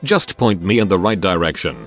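Low computer man voice as a purring cruel lady demon from a sci-fi story, soft music behind. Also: animated, brisk. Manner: purring, mocking. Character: seductive female greater demon, cruel and playful.

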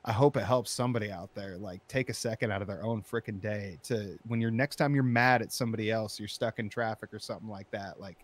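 Low-voiced man telling a heated story. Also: fast talker, few pauses. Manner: animated, profane, rising to shouting when recounting anger. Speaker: storyteller in interview. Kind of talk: casual conversational storytelling.

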